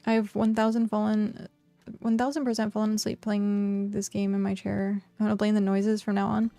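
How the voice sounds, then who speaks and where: Woman streamer just chatting, lots of likes and laughs, fry in her voice, dry close sound. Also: mid-range voice, flat delivery, moderate pace, mellow, no echo, soft background music. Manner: chatty, filler-heavy, laughs often. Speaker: game streamer. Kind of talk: casual livestream chat.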